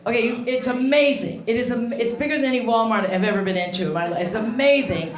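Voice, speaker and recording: Slightly high-voiced and fast-talking, a sixty-something comedian works a live crowd with brash, chatty, bawdy material, teasing the audience. The room echoes, and the laughter is loud.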